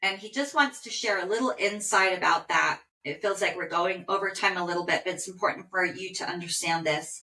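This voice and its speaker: A woman animal communicator leading a session, speaking gently and heartfelt, with soft affirmations. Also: lowish voice, a little fast, hardly any pauses. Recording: roomy echo.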